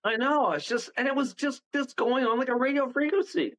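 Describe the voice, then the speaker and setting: A man guest on a radio show, telling rambling, animated stories and laughing partway through them. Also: very high-pitched, brisk, low-quality recording. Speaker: paranormal guest. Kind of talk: casual storytelling on a radio show.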